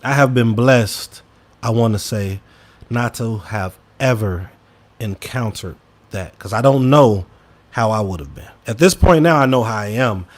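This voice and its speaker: Emphatic man. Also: a little slow. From Chicago. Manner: emphatic, swings between loud bursts and low mutters; talks straight to listeners, says y'all. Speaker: podcast co-host. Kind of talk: casual opinion commentary.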